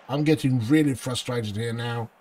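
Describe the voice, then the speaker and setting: A man's voice: mid-range voice, a little mellow, slight background noise. A man commentating his own football management game, pleading with his team and groaning at misses. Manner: anxious, pleading, groans and outbursts of frustration. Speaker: gaming channel host. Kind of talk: let's play commentary.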